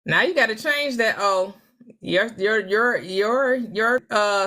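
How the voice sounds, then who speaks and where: A woman in her forties hosting a casual livestream, laughing often as she answers viewer comments and tries out halting schoolbook French. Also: medium pitch, pushed and bright. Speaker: livestream host. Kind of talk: casual live chat reading viewer comments.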